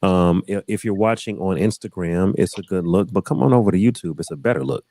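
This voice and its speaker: Casting: low-voiced man hosting a relaxed panel talk, repeats himself, dry close mic. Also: fairly quick, no echo. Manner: loose, repeats phrases, says y'all. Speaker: host. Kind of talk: casual panel chat.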